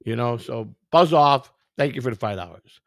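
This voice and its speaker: Gravelly, combative man answering viewer comments. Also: mid-range voice, moderate pace, no room sound, studio quality. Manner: combative, profane, talks back to viewers. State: tired. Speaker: livestream host. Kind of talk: live-stream chat reading viewer comments.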